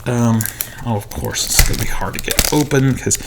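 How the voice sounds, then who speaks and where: A man's voice: medium pitch, moderate pace, very noisy. A man who collects movies, chatting casually and rambling in a haul vlog while he unboxes discs in a small home studio.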